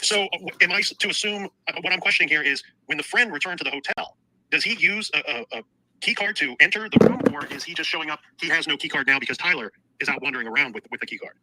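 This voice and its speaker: A man's voice: on the high side, lively intonation, fast, bright, forceful tone, low-quality recording. A man co-hosting a casual true-crime talk, questioning and working through details. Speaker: podcast co-host.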